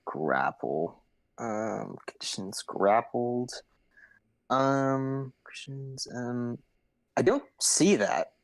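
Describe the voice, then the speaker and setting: Slow, halting game master man. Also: medium pitch, lively intonation, vocal fry, no echo, low-quality recording. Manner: halting, many fillers, tallies dice aloud. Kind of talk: narrating a tabletop game.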